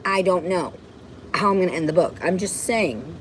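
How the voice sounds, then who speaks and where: A woman's voice: fairly low pitch, normal speed, a little hiss or hum, poor audio. A woman on a rambling livestream from her home, ranting and swearing in an agitated way. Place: home, indoors.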